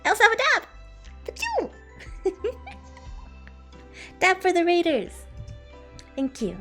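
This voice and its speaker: A woman's voice: very high-pitched, very animated, unhurried, pushed and bright, faint music behind. A woman livestreaming as a playful dragon persona, chatting casually with viewers and giggling often. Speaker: streamer.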